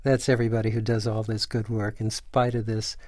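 A man's voice: fairly low pitch, brisk, no echo, studio quality. An older man, a screenwriter, telling a story in a radio interview and acting out the voices of the people in it. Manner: animated anecdote teller, acts out quoted voices. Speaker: screenwriter guest.

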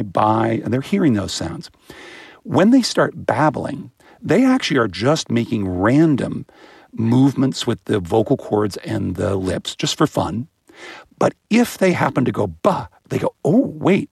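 A man with a low, gravelly, slightly husky voice, talking as a guest in an interview. He explains things in an animated way and breaks into playful baby-sound imitations. The sound is dry and close. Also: no room sound. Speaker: guest author.

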